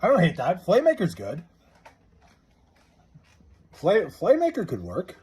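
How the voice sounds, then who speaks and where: A man livestreaming from his house, casually chatting and reading out viewer comments, loose and profane, drawling joke names slowly. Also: high-pitched, huge pitch swings, darkish tone, slightly rough. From New York area.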